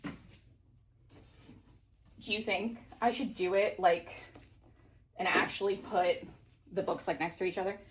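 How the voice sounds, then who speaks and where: A woman's voice: on the low side, steady tone, a little slow, long pauses, a little hiss or hum. A woman in her thirties chatting casually to camera at home while rearranging bookshelves, giggly and out of breath, with lots of fillers. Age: 30s. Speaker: book vlogger.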